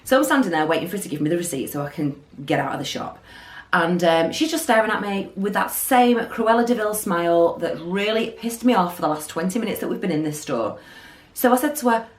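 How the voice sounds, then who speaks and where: A woman's voice: medium pitch, a little fast. Girl ranting thru a storytime, voice jumps all over, bit of room echo. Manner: animated storytelling, acting out quotes. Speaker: beauty vlogger. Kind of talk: storytime vlog. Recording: roomy echo.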